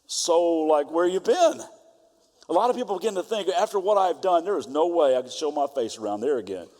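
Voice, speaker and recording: Man, pastor, sermon, fervent then hushed storytelling, long hall reverb. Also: fairly high pitch, lively intonation, a little fast. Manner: impassioned preaching, dropping to quiet storytelling.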